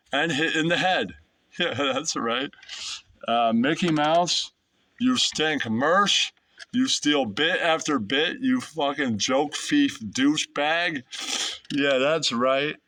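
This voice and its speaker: A man's voice: on the high side, fairly bright tone, distant mic. A man, a YouTube host, throwing crude roast insults in a casual rant and laughing at his own jokes.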